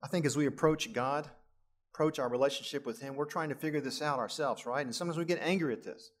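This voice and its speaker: Male pastor, middle-aged, lively sermon delivery, slightly high voice. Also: fast, slight background noise. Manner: animated preaching, voice rising for emphasis, chuckling asides.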